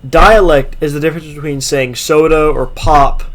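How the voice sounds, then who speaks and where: A man's voice: fairly high pitch, fairly even intonation, moderate pace, a crowd in the background. A man from Florida co-hosting a casual comedy podcast, chatty and full of fillers as he explains. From Florida, United States. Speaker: podcast co-host.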